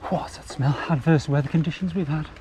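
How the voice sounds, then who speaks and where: Rambling, sweary biker. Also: male voice, on the high side, brisk. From England. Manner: chatty and rambling, swears freely, fired up. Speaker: mountain biker vlogger. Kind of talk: casual spoken commentary while riding. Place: outdoors on country trails. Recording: outdoor camera mic with noticeable wind and traffic noise.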